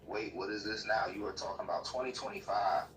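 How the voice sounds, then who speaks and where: A man's voice: on the low side, quick pace, a bit bright, far from the mic, slight background noise. A machine-made male voice answering in stiff, formal, lecturing sentences, played back from a speaker across the room. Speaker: AI chatbot. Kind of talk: calm, formal replies. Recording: roomy speaker playback with faint TV.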